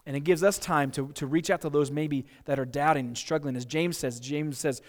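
A man's voice: fairly high pitch, fairly even intonation, fairly quick. A man with an American accent, preaching a sermon as pastor in an earnest, conversational way, often repeating words as he goes. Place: church sanctuary. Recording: long reverb of a church hall.

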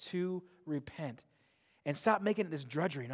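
High-voiced man preaching in a reverberant hall. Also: lively intonation, normal speed. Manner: earnest, emphatic, repeats words when pressing a point. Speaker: pastor. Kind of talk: sermon. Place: church sanctuary. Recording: long reverb of a large hall.

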